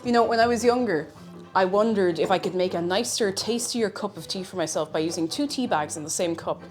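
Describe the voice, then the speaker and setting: A woman's voice: medium pitch, a little fast, a little mellow, soft background music. A woman streamer chatting casually while cooking, playful and talkative, her voice a little crackly after being sick. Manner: chatty and playful, bursts into silly singing. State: slightly crackly voice after illness.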